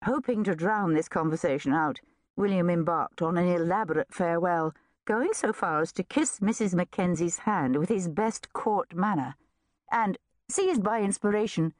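A woman narrating a historical novel in a measured, expressive reading. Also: fairly low pitch, dry recording, clean studio sound. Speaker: audiobook narrator. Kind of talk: scripted narration.

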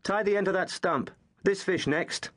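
A man's voice: sits high, moderate pace, fairly bright tone, voice pushed up. A man voicing a heavy-set, cruel teenage bully leader in an audiobook, speaking in a hard, gloating and mocking way. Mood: gleeful.

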